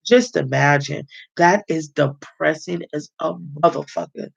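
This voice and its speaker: Brief: gravelly-voiced woman, book club host reading aloud, blunt and profane asides, dull lo-fi sound. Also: low-pitched, measured pace, dry recording. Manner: frank and profane, talks straight to listeners.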